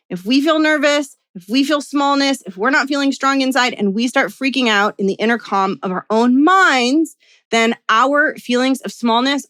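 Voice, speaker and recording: A woman podcast host and communication coach teaching listeners, talking earnestly and emphatically and often checking in with a quick "right?". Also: on the high side, a bit bright, dry recording.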